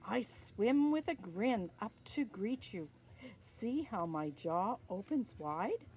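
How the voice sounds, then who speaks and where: A woman's voice: mid-range voice, lively intonation, slow, a little mellow, a little hiss or hum. A sly, grinning shark, as a woman puts it on. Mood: coaxing.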